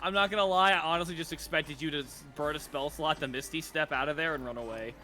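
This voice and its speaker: Male game master, higher voice, bright tone, relaxed and joking, faint music behind. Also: fast talker, a little hiss or hum. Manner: laid-back, joking, swears casually. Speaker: dungeon master. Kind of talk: narrating a tabletop game.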